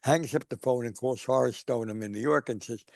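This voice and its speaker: A man's voice: medium pitch, fairly quick, vocal fry, dry recording, clean studio sound. An older man, a guest on a video call, telling anecdotes and acting out the people in them. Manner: acts out quoted people while telling stories. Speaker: guest speaker. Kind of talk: anecdotal storytelling.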